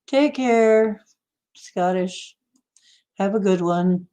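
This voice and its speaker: A woman's voice: mid-range voice, very slow, warm tone. A woman hosting a livestream in casual chat, playfully teasing and answering her viewers' comments. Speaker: livestream host.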